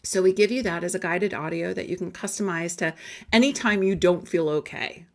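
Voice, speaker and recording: A woman coach giving a conversational, emphatic sales pitch, telling a personal story and briefly acting out the voices she quotes. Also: a little fast. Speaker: life coach selling guided audios.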